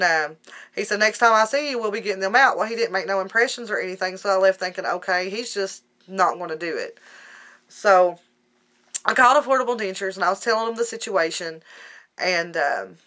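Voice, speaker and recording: A woman's voice: mid-range voice, bright, forceful tone. Rambling woman vlogging. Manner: rambling, folksy, emotional. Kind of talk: casual personal video diary.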